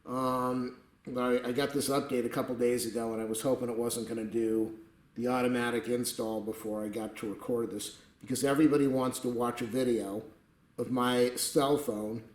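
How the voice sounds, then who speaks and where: A man's voice: mid-range voice, level tone, normal speed, echoey room, rough recording. A man rambling through a chatty, meandering vlog commentary at his computer table at home, with jokey asides. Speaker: tech video creator.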